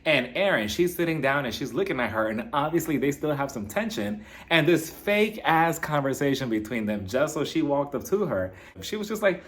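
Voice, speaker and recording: A man's voice: on the high side, normal speed. A man giving a casual, gossipy recap of a reality show, acting out the cast members' lines as he goes. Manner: gossipy, animated, acts out cast members' quotes.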